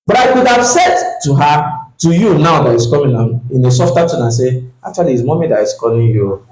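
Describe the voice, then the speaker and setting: Animated preaching man in an echoey hall. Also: on the high side. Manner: animated preaching, reads scripture slowly and acts out dialogue. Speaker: pastor. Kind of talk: sermon. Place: church.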